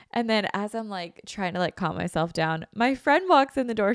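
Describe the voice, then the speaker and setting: A woman's voice: mid-range voice, lively intonation, fast talker, creaky, smooth, dry recording, studio quality. A young woman hosting a podcast, telling a story in a chatty, self-dramatizing way and full of "like"s while she recovers from illness. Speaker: podcast host. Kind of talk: casual chat.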